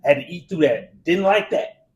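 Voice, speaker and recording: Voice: medium pitch, animated, normal speed, a little hiss or hum, natural voice. A podcast host voicing a hungry male dragon who complains about his last meal, in a drawling, griping manner. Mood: grumbling.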